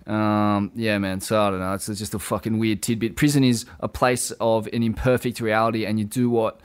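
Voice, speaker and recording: A relaxed man with a lowish voice chats casually with a guest. He swears freely and hesitates as he finds his words. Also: normal speed, clear, resonant tone. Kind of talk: casual chat.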